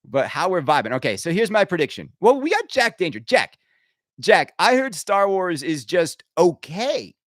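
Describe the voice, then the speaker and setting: Male podcast host, lively sarcastic riffing, raised pitch with big swings, dry close sound. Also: moderate pace, no room sound. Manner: animated, sarcastic, riffing with laughs and mock impressions. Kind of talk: casual ranting monologue.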